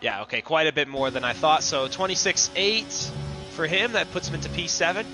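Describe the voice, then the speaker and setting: A man giving co-commentary on an online racing qualifying session, talking through lines and lap times in a steady, analytical way. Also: a little high, brisk, music in the background.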